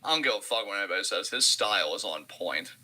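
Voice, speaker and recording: Co-hosting a live wrestling reaction stream, this man talks quickly in a voice on the low side, animated, pushed and bright. The recording is low quality, and his casual chat is full of sarcastic mock commentary and ironic hype.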